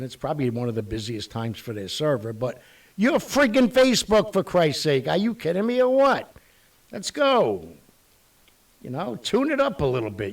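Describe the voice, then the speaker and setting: A man's voice: medium pitch, slightly rough, distant mic. A man hosting his online show, rambling bluntly with mild curses. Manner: animated, blunt, mildly profane, rambling. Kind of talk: casual rambling monologue.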